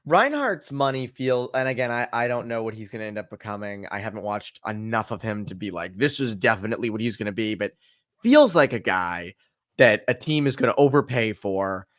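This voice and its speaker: A man's voice: mid-range voice, fairly bright tone, clear, resonant tone, dry recording, clean studio sound. A young man co-hosting a casual sports podcast, chatty and jokey, with loose fillers. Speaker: podcast co-host.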